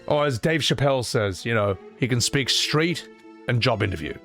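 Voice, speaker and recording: A man's voice: medium pitch, expressive, normal speed, creaky, over music. A man streaming a game, rambling in casual commentary and swearing freely.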